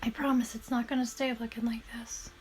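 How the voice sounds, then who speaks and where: A woman streaming as she paints shoes, chatting casually and thanking viewers in a soft, often half-whispered voice. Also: fairly high pitch, flat delivery, a little fast, soft background music. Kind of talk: casual live-stream chat while painting.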